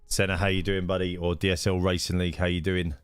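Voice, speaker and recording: A man's voice: low voice, level tone, fast talker, clean tone, no room sound, faint music behind. A man hosting a live stream of a racing league, chatting casually and greeting viewers by name with lots of fillers.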